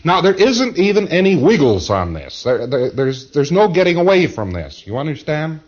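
A man's voice: fairly high pitch, sing-song, moderate pace, a little mellow, muffled recording. A man giving a lecture to a class of trainees, emphatic and rambling, often repeating words and restarting. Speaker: lecturer to auditors. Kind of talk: recorded lecture.

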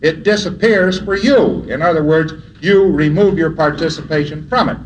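A man's voice: on the high side, normal speed, slight background noise, rough recording. A man giving an anecdotal lecture who chuckles often and acts out dialogue in his stories.

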